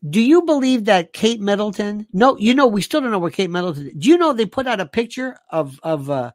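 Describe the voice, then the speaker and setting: A man's voice: high voice, no room sound. A man delivering a rambling monologue, firing off sarcastic rhetorical questions and repeating himself for emphasis.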